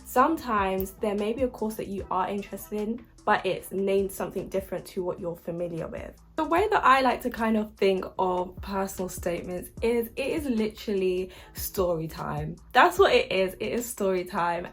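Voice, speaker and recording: A young woman from the UK gives casual advice on university applications, chatty and upbeat and full of likes and ums. Her mid-range voice is animated, a little fast, with hardly any pauses.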